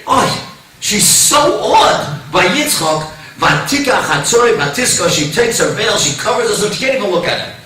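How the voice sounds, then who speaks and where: A male rabbi giving a lecture to a congregation, telling stories with lively, acted-out voices. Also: sits high, moderate pace. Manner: animated storytelling, acts out quoted voices. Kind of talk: lecture to a synagogue audience. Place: synagogue hall. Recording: echoey hall, mic at a distance.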